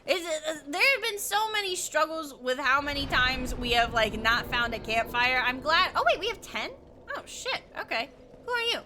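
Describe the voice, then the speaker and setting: A woman's voice: high voice, lively intonation, moderate pace, pushed and bright, a little hiss or hum. A woman streaming a video game, chatting casually, giggling often and swearing playfully. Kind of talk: casual gaming commentary.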